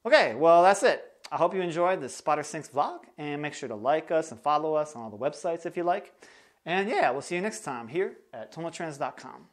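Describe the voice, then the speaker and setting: A man's voice: fairly high pitch, expressive, a little fast. Joking, sarcastic male music teacher. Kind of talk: casual comedic music lesson.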